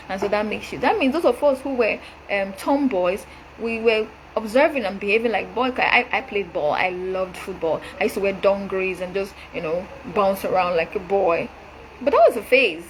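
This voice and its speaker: A young adult woman delivers a direct-address rebuttal in a forceful, lecturing tone. Her voice sits at a middle pitch. A faint background hiss runs under the recording. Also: expressive, normal speed. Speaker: show host.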